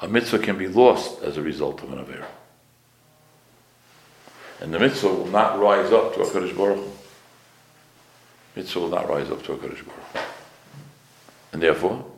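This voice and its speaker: A man's voice: low-pitched, lively intonation, moderate pace, vocal fry, pauses often, roomy sound. A man teaching a class as a rabbi. He explains Hebrew phrases, repeats key words and asks the class questions, with pronunciation. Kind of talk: Torah class lecture.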